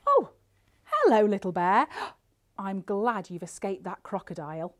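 A female librarian leading a children's singalong storytime, speaking expressively with gasps and exaggerated reactions for young viewers. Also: mid-range voice. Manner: gasping, expressive, slow and theatrical for little kids.

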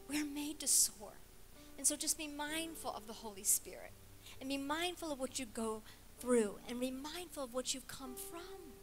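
A woman preaching at a women's conference, animated and jokey, swinging from loud to hushed. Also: high-pitched. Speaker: conference speaker. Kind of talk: sermon.

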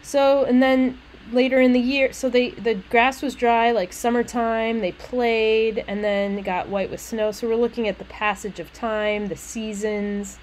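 A woman gives a literature lecture in a lively, conversational way, full of casual asides. Her voice sits fairly high. A faint hum of background noise runs under her. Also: a little slow, poor audio. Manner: chatty, animated, explains with casual asides. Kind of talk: recorded lecture reading a poem aloud.

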